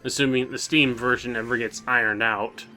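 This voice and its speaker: A man's voice: medium pitch, fairly even intonation, moderate pace, bright, forceful tone, faint music behind. A young man co-hosting a video game let's play, chatting casually and sounding tired, with stammered restarts. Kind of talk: casual gameplay chat.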